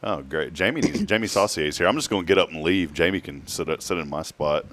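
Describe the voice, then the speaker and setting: Low-voiced joking male show host. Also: lively intonation, fairly quick, a bit bright. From Georgia. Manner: joking, rambling, laughs often. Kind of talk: casual chat.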